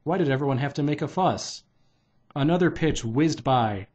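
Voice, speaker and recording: A man's voice: on the high side, lively intonation, moderate pace, a little mellow, dull audio. A man casually reading a children's novelization aloud. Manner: plain, unpolished read-aloud. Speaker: reader.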